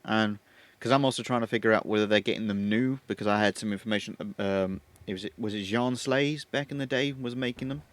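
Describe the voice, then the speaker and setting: A fairly low-voiced man plays a lawman in a roleplay, talking quickly and casually as he asks around. His questions roll out loosely with small restarts. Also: fairly bright tone. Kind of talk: casual in-character roleplay chat.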